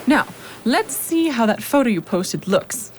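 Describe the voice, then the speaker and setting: A vain, bossy construction boss. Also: female voice, a little high, big pitch swings, a little slow, slight background noise. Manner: bossy, self-important, showy. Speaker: company manager. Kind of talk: children's radio drama acting.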